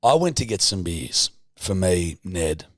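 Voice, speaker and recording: A young Australian man co-hosting a podcast, telling stories in an animated way, acting out voices and swearing freely. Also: deep voice, a little slow, no room sound, clean studio sound. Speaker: podcast co-host. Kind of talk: casual chat.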